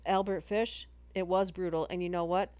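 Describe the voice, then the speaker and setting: A chatty woman rambles through a casual live stream, breaking off her own sentences as she goes. Her voice sits a little low, and it is recorded close with a dry sound. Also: fairly even intonation, moderate pace, a little mellow, clear, resonant tone, dry recording. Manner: rambling, chatty, self-interrupting. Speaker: horror story reader and streamer. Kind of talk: casual live-stream chat between story readings.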